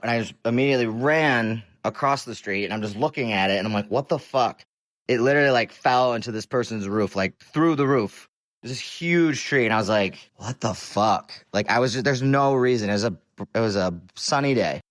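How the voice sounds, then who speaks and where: A man's voice: on the low side, no echo. A young man telling his own story in a casual, rambling way, full of fillers and the odd curse. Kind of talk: casual spoken personal story.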